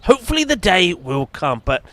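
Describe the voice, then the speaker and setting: Outdoors at a cricket ground, a man offers live, chatty commentary and trades banter with the fielders close by. His voice is high-pitched and fairly bright, swinging widely in pitch at a moderate pace.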